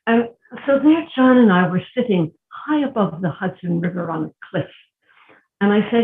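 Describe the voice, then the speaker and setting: Older woman storyteller, wry and unhurried, on a tinny video call from a roomy space. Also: mid-range voice. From New York City. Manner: wry, unhurried, with self-mocking asides. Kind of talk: personal storytelling. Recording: phone-like, echoey room audio.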